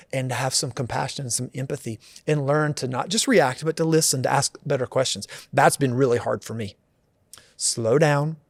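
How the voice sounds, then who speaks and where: A man's voice: medium pitch, dry recording. A man in his forties, a pastor, talking earnestly and reflectively about marriage in a podcast conversation.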